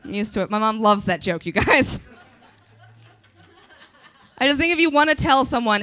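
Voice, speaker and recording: A woman in her twenties doing a live stand-up set, self-deprecating and crude, with quick asides to the crowd. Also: sits high, expressive, bright, forceful tone. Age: 20s. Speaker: stand-up comedian.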